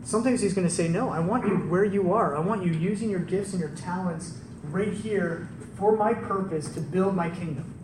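Male preacher, conversational and animated, recorded from a distance with faint background noise. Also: sits high, moderate pace, reverberant. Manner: conversational, animated storytelling with rhetorical questions. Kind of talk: sermon.

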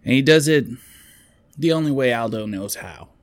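A man's voice: medium pitch, expressive, dry recording, clean studio sound. A man chatting casually, retelling a movie plot in a rambling, storytelling way. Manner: rambling storyteller, quick quotes of characters.

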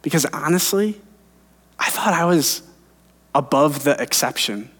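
A man's voice: a little high, animated, a little slow, a bit bright. A man in his thirties, a pastor preaching an earnest sermon and telling personal stories. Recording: long hall reverb.

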